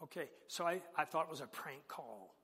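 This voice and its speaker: A male preacher telling a story from the pulpit, teasing his congregation and swinging between loud and quiet. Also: a little high, fairly quick, slightly rough. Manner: animated, teasing the congregation, big swings in loudness. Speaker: preacher and missionary. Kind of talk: sermon with storytelling. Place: church sanctuary with a congregation. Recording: long reverb of a large church hall.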